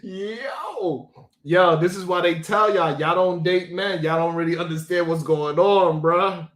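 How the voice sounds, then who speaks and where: A man hosting a comedic livestream, reacting to clips with loud, incredulous, slang-heavy talk. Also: sits high, measured pace, echoey room. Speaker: livestream host.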